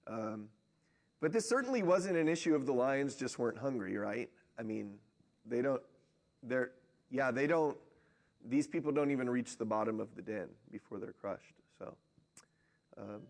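A man's voice: mid-range voice, expressive, moderate pace, pauses often, darkish tone. A man leading a group Bible study, reading scripture aloud and discussing it conversationally, often tagging on questions like "right?". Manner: conversational, asks rhetorical questions.

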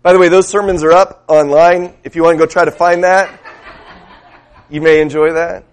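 A male preacher gives a sermon in a fairly high voice. He tells stories in an easy, conversational manner. He often stops to ask his listeners questions. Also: steady tone, normal speed. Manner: conversational storytelling with questions to the congregation.

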